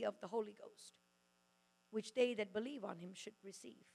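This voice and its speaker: A woman preaching a sermon in a church hall, loud and fervent, with quick asides and restarts. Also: mid-range voice, gravelly.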